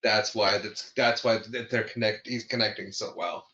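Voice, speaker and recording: A man's voice: fairly low pitch, fairly even intonation, moderate pace, sharp tone, dull audio. A man co-hosting a podcast, casually recapping a film scene by scene, with many restarts. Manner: retells scenes with frequent restarts and laughter. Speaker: podcast co-host. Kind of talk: casual movie review chat.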